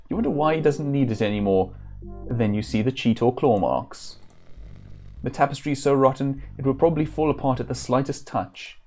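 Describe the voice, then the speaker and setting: Male streamer, mid-pitched, casual and wry, reading game text aloud, faint guitar music behind. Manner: relaxed, self-correcting, wry asides.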